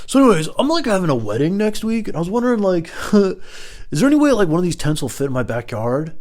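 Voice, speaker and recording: A man puts on an overeager stranger who won't take no for an answer. The voice jumps up high and comes out loud and pushy, full of excited insistence. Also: quick pace. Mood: eager, pushy.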